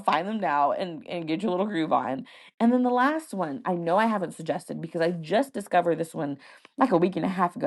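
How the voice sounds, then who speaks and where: Chatty woman with a gravelly low voice. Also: a little mellow. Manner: rambling, chatty, laughs often, many fillers. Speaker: podcast host. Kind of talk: casual solo podcast chat.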